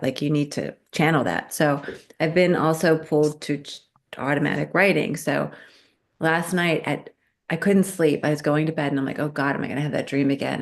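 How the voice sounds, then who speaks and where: A middle-aged woman with a low voice tells a story during a casual podcast chat. She's animated and acts out the voices of the people she quotes.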